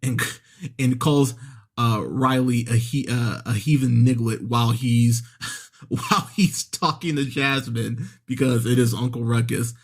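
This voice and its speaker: A man's voice: medium pitch, steady tone, unhurried. A man hosting a movie podcast, reviewing an episode in a casual, conversational way, often correcting himself mid-sentence and acting out the characters' lines. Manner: conversational, re-voices characters when quoting scenes; frequent self-corrections and fillers. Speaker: podcast host.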